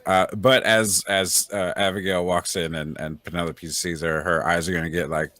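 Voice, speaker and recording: A man's voice: sits low, flat delivery, moderate pace, sharp tone, dry recording. A man playing a tabletop game, chattily describing what his character does. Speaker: player.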